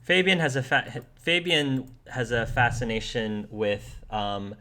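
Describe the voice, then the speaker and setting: A man's voice: mid-range voice, steady tone, takes it slowly, sharp tone. A man acting as game master, describing the scene to players in a casual way with many restarts. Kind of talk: narrating a tabletop game.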